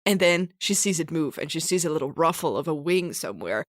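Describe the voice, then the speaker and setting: A woman's voice: sits low, animated, brisk, no echo, studio quality. A woman co-hosting a podcast, improvising a story in a chatty, rambling way with frequent laughs. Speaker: podcast co-host.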